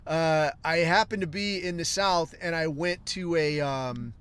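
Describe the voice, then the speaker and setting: A man's voice: on the high side, a little slow, fairly bright tone, clear, resonant tone. A man in his forties, a podcast host, telling a long profane story in a rambling, wry way. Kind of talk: casual storytelling monologue.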